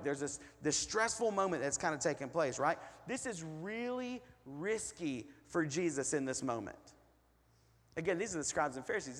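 A man's voice: fairly high pitch, a bit bright. A man preaching a sermon as pastor, in a conversational way, asking the congregation lots of rhetorical questions. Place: church hall. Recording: long hall reverb.

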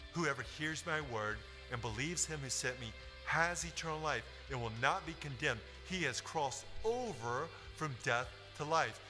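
A man calmly teaching listeners step by step how to share their faith. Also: mid-range voice. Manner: calm step-by-step instruction. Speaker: teacher of evangelism. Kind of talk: instructional sermon teaching. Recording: long hall reverb with faint music.

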